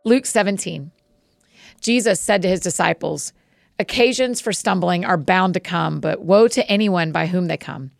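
A woman hosting a podcast, greeting listeners warmly and then reading scripture aloud at a steady pace. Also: lowish voice, moderate pace, vocal fry, dry recording, clean studio sound. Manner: friendly, encouraging intro then steady reading.

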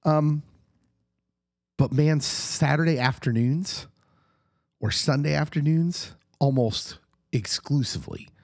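A middle-aged man who co-hosts a podcast, talking casually while hoarse and husky from a recent illness, animated and laughing often. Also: a little high, slow pace, pauses often, no room sound, clean studio sound. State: hoarse, getting over an illness. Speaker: podcast co-host, pastor.

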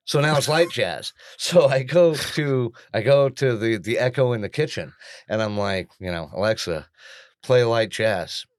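A middle-aged man spins a self-mocking story on a casual podcast, and his pitch jumps up and down as he acts it out. He laughs often as he talks. The sound is close and dry, with no room echo. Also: animated, moderate pace. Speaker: podcast co-host.

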